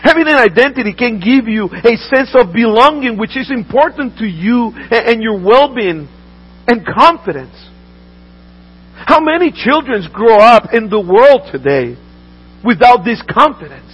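A man's voice: very high-pitched, sing-song, unhurried, fairly bright tone, slightly rough, rough recording. A man preaching a sermon as a pastor, earnest, often repeating words and restarting his sentences.

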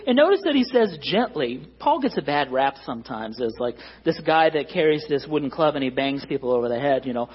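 Guy preaching, kinda husky, higher voice, earnest and pushing each point, muffled lo-fi recording. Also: big pitch swings, fairly quick. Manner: earnest, emphatic preaching with rising stresses. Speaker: pastor. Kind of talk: sermon.

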